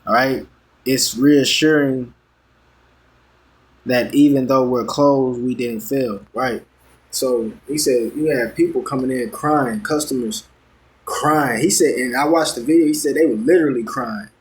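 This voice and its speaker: A man's voice: mid-range voice, unhurried. A man preaching a sermon, reading news and scripture aloud and commenting on it. He talks conversationally, stumbles over words and keeps checking in with his listeners. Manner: conversational, checks in with "all right?" constantly.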